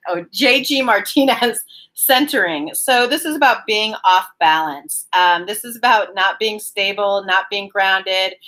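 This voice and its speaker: A woman's voice: medium pitch, pushed and bright, poor audio. A woman hosting a casual live-streamed card reading from her apartment, chatty and giggly, calling out viewers by name. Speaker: tarot card reader and live-stream host.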